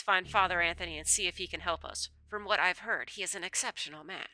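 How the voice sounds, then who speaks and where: Woman streamer, casual game commentary with rambling asides; very bright, lowish pitch, faint music under. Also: fairly even intonation, fast, few pauses, no echo. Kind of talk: casual game commentary, reading the game's text aloud.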